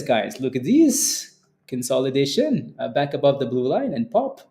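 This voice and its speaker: With a sing-song lilt, vocal fry and a dark, medium-pitched voice, this young stock trading livestreamer speaks at a moderate pace. He reads his chat in a casual way, teasing viewers, laughing frequently and repeating phrases.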